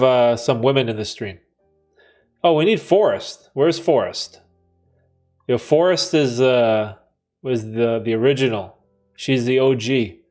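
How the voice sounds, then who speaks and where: A man hosts a relaxed livestream, chatting with viewers in loose, slang-filled banter and laughing often. His voice sits at an ordinary middle pitch. Soft music plays faintly behind him. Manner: laid-back slangy banter, frequent laughter. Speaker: livestream host. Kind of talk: casual livestream Q&A, reading chat aloud.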